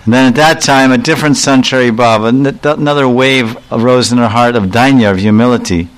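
A man's voice: medium pitch, fairly quick, hardly any pauses, clean tone, poor audio. A man giving a devotional sermon, explaining verses and animatedly acting out the voices of the figures he describes. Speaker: religious speaker.

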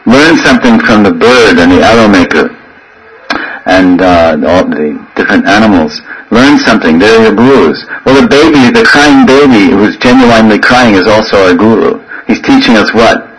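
A man in his sixties giving a sermon, telling stories with animated quoted voices and frequent laughter. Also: fairly low pitch, moderate pace, slight background noise, low-quality recording. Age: 60s. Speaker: spiritual teacher.

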